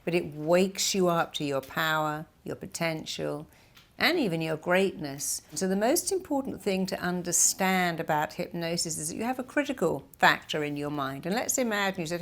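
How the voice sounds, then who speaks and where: A middle-aged woman therapist speaks in a slightly low voice, teaching with emphatic energy. She acts out the inner voices she describes in quick little quotes, in a motivational style. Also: expressive. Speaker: therapist and hypnotherapist.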